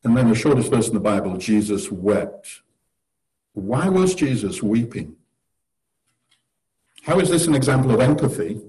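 A church teacher talks to a seated group around tables, his sermon animated yet conversational at a moderate pace with long pauses. The medium-pitched, dark-toned voice stays earnest, tossing out rhetorical questions and wry humor, though the recording is rough.

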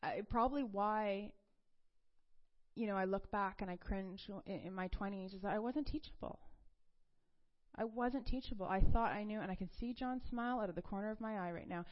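A middle-aged woman who works as a counselor, speaking earnestly and confidingly about faith, her voice dropping soft and breathy at tender moments. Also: mid-range voice, normal speed. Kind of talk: personal faith talk. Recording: slightly dull lo-fi recording.

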